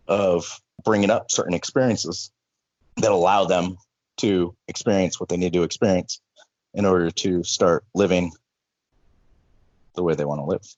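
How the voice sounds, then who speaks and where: A man with a fairly low voice talks earnestly as a life coach in a relaxed conversation. He often repeats words as he works up to a point. The sound is dry and a little dull. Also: no room sound. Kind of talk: casual conversation.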